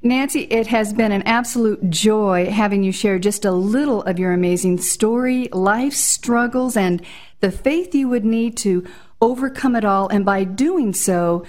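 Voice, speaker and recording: A woman hosting a faith radio show, giving a smooth, polished scripted outro. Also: medium pitch, a little mellow. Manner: smooth, polished announcer delivery.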